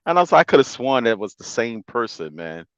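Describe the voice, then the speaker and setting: A man's voice: medium pitch, big pitch swings, fairly quick, fairly bright tone, smooth, no room sound, lo-fi sound. A man co-hosting a podcast in a casual sports chat. He laughs often and lets his voice drop at the ends of phrases. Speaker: podcast co-host.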